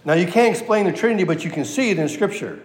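A man preaching an expository sermon, slow and emphatic, repeating key phrases and asking his listeners questions. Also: high voice, expressive. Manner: asks the audience rhetorical questions. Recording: roomy hall with long echo.

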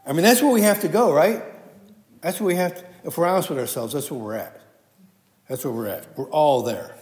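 A man's voice: high voice, big pitch swings, moderate pace, darkish tone. A man giving a conversational sermon, quoting scripture and often restarting his sentences. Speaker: preacher. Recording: echoey hall with long reverb.

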